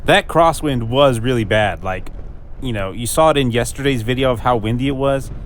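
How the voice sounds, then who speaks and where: A man's voice: medium pitch, moderate pace, slight background noise. A young man narrating his motorcycle trip vlog in a casual, jokey, self-mocking voice-over. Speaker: motorcycle vlogger.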